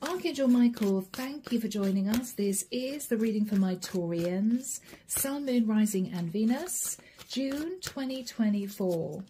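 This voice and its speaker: A woman's voice: on the high side, animated, a little slow, dark tone, slight background noise. A woman giving a casual, emotional tarot reading, telling a vision as a story and speaking to her viewers in an intimate way. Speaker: tarot reader.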